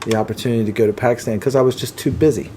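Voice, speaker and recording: A man guesting on an interview, telling stories and giving advice in a relaxed, candid way, now and then swearing. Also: mid-range voice, rapid-fire, a little hiss or hum. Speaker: interview guest, film production head. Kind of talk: casual interview chat.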